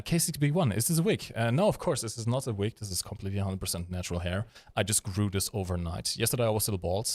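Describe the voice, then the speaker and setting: A man's voice: low voice, no room sound. A man hosting a live stream, chatting casually and joking while he reads the chat, with frequent ums and uhs. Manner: joking, rambling, with frequent fillers.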